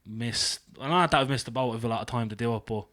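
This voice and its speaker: A man's voice: mid-range voice, fast, fairly bright tone. A man with an Irish accent co-hosting a podcast, chatting casually and padding his talk with "like". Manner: chatty, filler-heavy, lots of "like". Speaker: podcast co-host. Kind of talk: casual chat.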